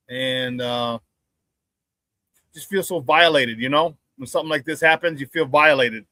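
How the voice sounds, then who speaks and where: A man's voice: mid-range voice, takes it slowly, long pauses, pushed and bright, dry recording. A man hosting a live sports talk show, talking loose and casual, fired up and ranting with some swearing. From Chicago area.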